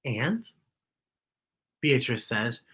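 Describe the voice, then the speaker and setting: A woman reading a picture book aloud to children, animated and pointing out the illustrations. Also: very deep voice, very slow, husky. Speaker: children's storyteller.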